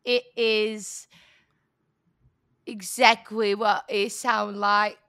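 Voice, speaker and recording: A woman's voice: medium pitch, flat delivery, drawn-out words, sharp tone, smooth, no echo, clean studio sound, voice pushed up, exaggerated voice. A woman doing a rambling, lisping homesteader. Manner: repeats "well" over and over, with a lisping, mumbly impediment. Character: rambling homesteader pitching a candy product.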